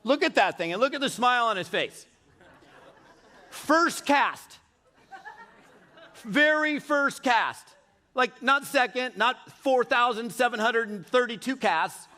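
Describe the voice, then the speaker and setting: A middle-aged man speaking from a stage at a live keynote, his voice pitched high for a man and ringing bright. He tells stories with energy and keeps turning to the crowd with questions. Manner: energetic storytelling with audience questions. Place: large event hall on stage.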